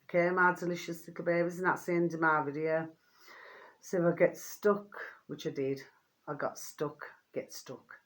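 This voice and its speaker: A woman, chatting casually to her viewers in a rambling, affectionate way, her voice getting hoarse. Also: fairly low pitch, steady tone, brisk. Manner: affectionate, rambling, keeps asking "do you see what I mean". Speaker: vlogger.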